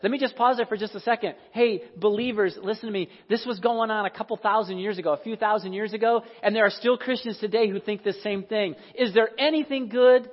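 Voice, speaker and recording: A man's voice: high voice, steady tone, fast talker, few pauses. A man preaching a sermon as pastor, talking conversationally and asking the congregation questions. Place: church sanctuary. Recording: echoey hall, dull sound.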